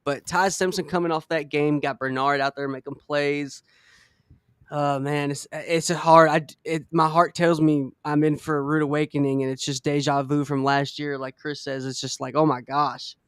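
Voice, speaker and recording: A man's voice: fairly high pitch, flat delivery, normal speed, fairly bright tone, smooth, no room sound, clean studio sound. A man hosting a casual sports podcast, rambling a bit and saying "man" often. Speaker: podcast host.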